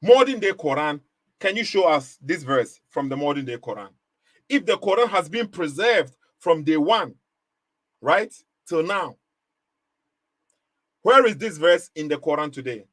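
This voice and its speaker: A man's voice: fairly high pitch, animated, measured pace, long pauses, no echo. A man hosting a live commentary stream, pressing his point with repeated rhetorical questions and short laughs. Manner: rhetorical questions, emphatic and repetitive. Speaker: livestream host.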